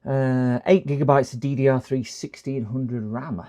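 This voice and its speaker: A man's voice: medium pitch, fairly even intonation, moderate pace, mellow. A man chatting casually with viewers on a live stream while repairing a computer, rambling and thinking aloud as he works.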